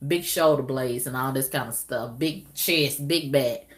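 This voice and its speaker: This middle-aged woman's very deep voice drawls a little slowly through a casual, candid vlog aimed at her viewers. Loud whoops and exclamations punctuate her monologue.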